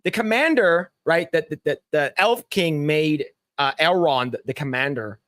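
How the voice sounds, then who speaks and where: A man hosting a casual podcast, laughing often and swearing freely while he acts out scenes in quick put-on voices. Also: on the high side, fairly bright tone, no echo, clean studio sound. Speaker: podcast host. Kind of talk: casual chat.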